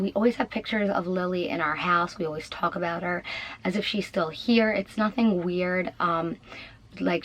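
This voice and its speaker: A woman's voice: on the low side, a bit bright, rough recording. A young adult woman telling a personal story to her channel in a casual way, with many fillers and a slightly shaky manner. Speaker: vlogger.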